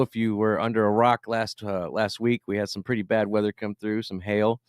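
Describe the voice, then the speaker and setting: A man's voice: on the low side, steady tone, a little fast, few pauses, clear, resonant tone, no echo, clean studio sound. A man co-hosting a podcast, chatting loosely and reading the weather with lots of fillers and swearing. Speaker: podcast co-host. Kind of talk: casual podcast banter.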